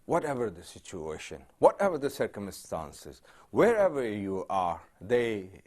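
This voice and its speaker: A man giving an earnest, devout talk as a Quran recitation teacher, halting with restarts and swelling into emotional emphasis. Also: fairly low pitch, sing-song, darkish tone. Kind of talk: devotional talk.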